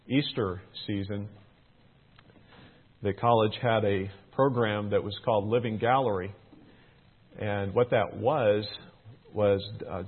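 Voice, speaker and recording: A man's voice: fairly low pitch, breathy edge. A middle-aged man teaching through a Bible passage, earnest, his emphasis rising on questions. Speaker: preacher. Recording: tinny phone-like band.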